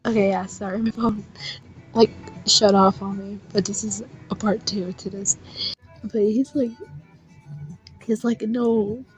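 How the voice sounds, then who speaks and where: A woman's voice: medium pitch, flat delivery, measured pace, long pauses, faint music behind, rough recording. A young woman telling a story to camera in a casual, emotional way, near tears and full of fillers, recorded on a phone. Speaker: vlogger.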